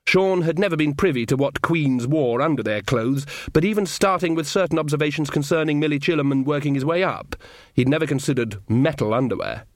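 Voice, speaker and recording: A man's voice: on the high side, fairly quick, dry recording, studio quality. A man reading a comic fantasy novel aloud as audiobook narrator, shifting his voice slightly for each character. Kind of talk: scripted narration.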